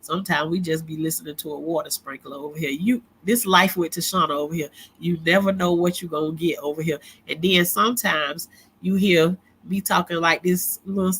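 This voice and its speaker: A woman's voice: on the low side, a little fast, fairly bright tone, husky. A middle-aged woman hosting a casual livestream, rambling loosely and laughing easily as she talks straight to her viewers. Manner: frequent easy laughter. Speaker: livestream host.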